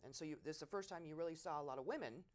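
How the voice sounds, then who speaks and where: A middle-aged woman in an oral history interview, telling war stories in a lively way and acting out quotes loudly. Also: low voice, very fast. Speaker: veteran interviewee.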